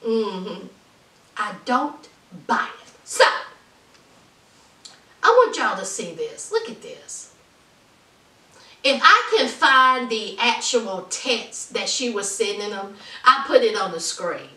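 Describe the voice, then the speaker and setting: A woman's voice: on the high side, big pitch swings, slow, long pauses, sharp tone, recorded from a distance. A woman reviewing a reality TV show in a casual vlog, ranting with emphasis and calling her viewers honey. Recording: roomy sound from off the mic.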